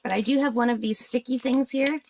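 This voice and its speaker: A woman's voice: a little high, fairly even intonation, a little fast, darkish tone, a little hiss or hum. A woman in her forties from northern Ontario, Canada, chatting casually and rambling while she works on a craft. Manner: chatty, rambling, asks viewers questions. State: hiccups. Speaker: crafting channel host.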